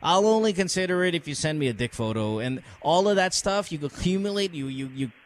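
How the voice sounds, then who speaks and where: A man's voice: a little high, expressive, fairly quick, a little hiss or hum. A man hosting a podcast, giving blunt, profane advice in casual chat. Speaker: podcast host. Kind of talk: casual crude advice talk.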